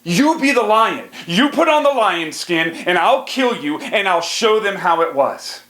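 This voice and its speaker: A man's voice: high voice, very animated, unhurried, a bit bright, pitched above the performer's own voice, exaggerated voice. A man voicing a proud caveman tribe leader who boasts and gives commands. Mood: boastful. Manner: proud, commanding, theatrical storytelling. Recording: echoey room.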